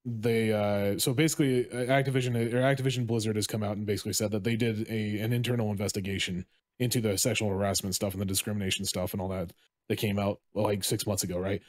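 A man's voice: on the low side, fairly even intonation, fast talker, dry recording, clean studio sound. Casual rambling male podcast co-host. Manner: rambling, many restarts, swears casually. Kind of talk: casual chat.

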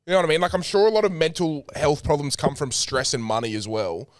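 A man's voice: on the high side, quick pace, no room sound, clean studio sound. A young Australian man co-hosting a podcast, chatting casually and swearing freely in a lighthearted way. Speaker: podcast co-host. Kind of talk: casual chat.

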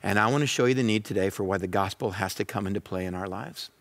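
A man's voice: fairly low pitch, fast talker. Emphatic male pastor preaching a sermon. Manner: emphatic, swinging between forceful declarations and quieter reflection; uses repetition and rhetorical questions.

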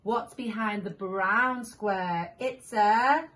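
A woman reading picture books aloud to young children, animated, making animal sounds and asking the listener questions. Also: mid-range voice, extremely slow. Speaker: children's story reader.

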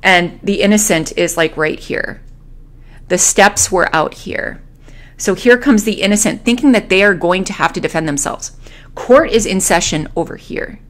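A woman tarot reader telling a vision as a story, slowly and hesitantly, with many fillers and restarts. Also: lowish voice.

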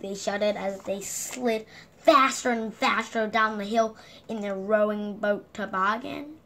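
A woman reading a picture book aloud to children in an animated way, asking the listener questions along the way. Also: medium pitch, measured pace, slight background noise. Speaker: children's story reader.

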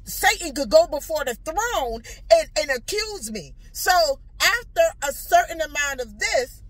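A woman telling a personal story with preaching, dramatic and animated, acting out dialogue and repeating lines for emphasis. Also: sits high, a little slow, few pauses. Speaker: vlogger.

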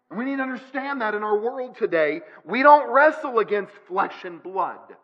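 A man's voice: extremely high pitch, sing-song, a little fast, few pauses, dull audio. A male pastor preaching a sermon in a church, emphatic, with repeated phrases. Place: church sanctuary.

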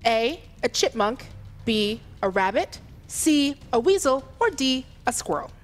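A woman co-hosting a trivia game show, reading questions and countdowns in a soft, calm, measured way. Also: a little high, faint music behind.

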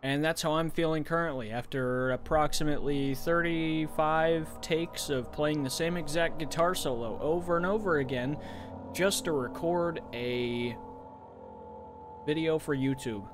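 A man's voice: on the high side, measured pace, over music. A man giving casual gameplay commentary as a let's-play host, rambling, correcting himself and muttering in frustration. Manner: rambling and self-correcting, restless.

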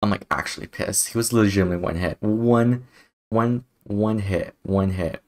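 A young man commenting on a video game as he plays, excitable and profane, laughing often. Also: on the low side, normal speed. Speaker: gaming YouTuber. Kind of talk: let's play commentary.

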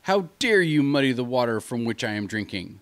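A man's voice: fairly low pitch, expressive, normal speed, a bit bright. A man playing a greedy bullying wolf. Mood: scheming. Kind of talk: storybook reading.

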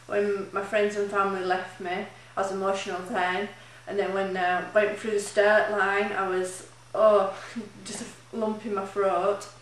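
A woman's voice: mid-range voice, flat delivery, unhurried, hardly any pauses, a little hiss or hum. A woman recording a casual video diary, chatty and emotional, rambling with fillers as she talks. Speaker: charity runner keeping a video diary. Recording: very echoey room, mic at a distance.

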